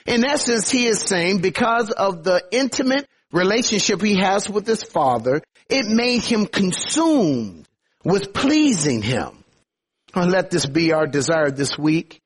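A man preaching a sermon as a pastor, earnest, slowing down to stress points and rising in fervor as he urges his listeners. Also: high-pitched, breathy edge.

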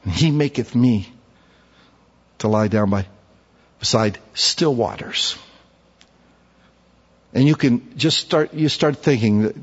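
A man preaching a sermon, telling folksy stories and switching between quiet asides and loud, emphatic points. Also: mid-range voice, slow, long pauses, breathy edge, big-room sound, highs cut off. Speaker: pastor.

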